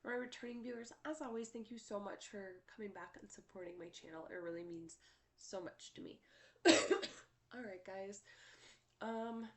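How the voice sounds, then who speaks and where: A woman's voice: mid-range voice, fairly even intonation, normal speed. A young woman talking in a candid, rambling way in a personal vlog, her voice stuffy and congested. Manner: candid and rambling, many fillers. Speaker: vlogger.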